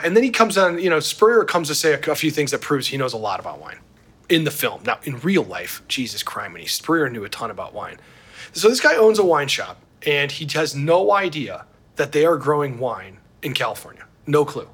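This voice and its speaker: Husky, slightly high male host, animated and opinionated in casual chat. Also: moderate pace. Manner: animated, opinionated, laughs easily. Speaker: podcast host. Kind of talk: casual chat about film and wine.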